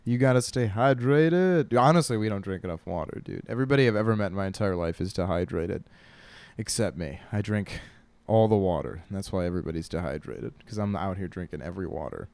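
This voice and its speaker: A man's voice: low voice, fast, creaky, a little mellow, no echo. A man, a stand-up comic, hosting a casual comedic monologue, rambling and profane and often laughing at his own jokes. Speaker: podcast host and stand-up comic.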